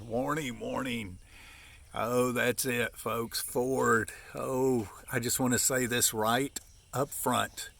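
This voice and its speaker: Middle-aged man from Appalachia, gravelly, mid-pitched, aggravated folksy rant with sudden yelps. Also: steady tone, slow, a bit bright. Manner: aggravated, repetitive, folksy, with sudden high exclamations. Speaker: vlogger. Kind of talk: ranting to camera.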